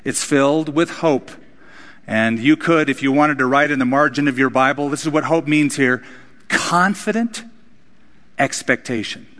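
A man's voice: mid-range voice, moderate pace, a bit bright. A man preaching a sermon, his voice rising and dropping for emphasis. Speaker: pastor. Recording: hall reverb.

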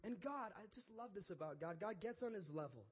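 Young guy preaching, high voice, super casual, says "like" a lot, animated storytelling. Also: brisk, breathy edge. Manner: casual, conversational, animated storytelling with frequent "like" and "right?". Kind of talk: sermon.

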